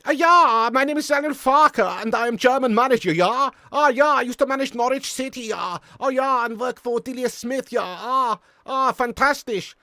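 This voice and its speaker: A boastful German football manager in a thick comic accent, as a man puts him on. The voice sits much higher than his normal one and bounces up and down in a sing-song way, ending lines with a questioning yeah. The sound is close and dry. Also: normal speed, hardly any pauses, pushed and bright, no room sound, heavily acted.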